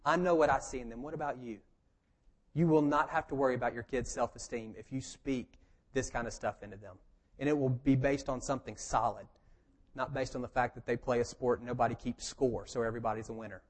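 A man's voice: mid-range voice, steady tone, a little fast. A man preaching a conversational sermon, joking and emphatic as he teaches. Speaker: pastor.

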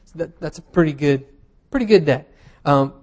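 A man preaching a sermon in a relaxed, conversational way, with wry humorous asides and plenty of fillers. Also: on the high side, normal speed. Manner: casual and self-deprecating, with humorous asides and frequent fillers.

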